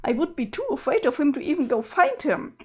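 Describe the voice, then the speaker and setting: A woman's voice: high-pitched, big pitch swings, a little fast. A woman reading a webcomic aloud, voicing a grief-stricken young girl ghost who sobs "boo hoo" and pleads to go back. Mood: distraught.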